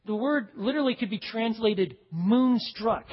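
Man, pastor, sermon, emphatic then hushed, long hall echo. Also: moderate pace, breathy edge. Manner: emphatic, swings from loud stresses to hushed low phrases; talks straight to the congregation. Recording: dull recording with long hall reverb.

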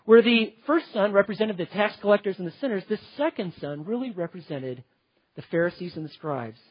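Husky high-voiced man preaching emphatically. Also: lively intonation, brisk, no room sound, muffled recording. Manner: emphatic, earnest, piles up lists of words. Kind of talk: sermon.

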